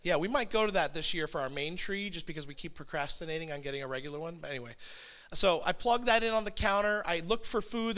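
A man in his thirties, a pastor telling a personal story in a sermon, animated and self-deprecating. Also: sits high, clean tone.

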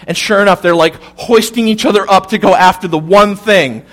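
A man preaching a sermon, telling the story with humor and dropping to a soft, serious tone at key points. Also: high-pitched, a little fast, hardly any pauses. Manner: animated, humorous storytelling with sudden drops to soft intensity. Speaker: pastor.

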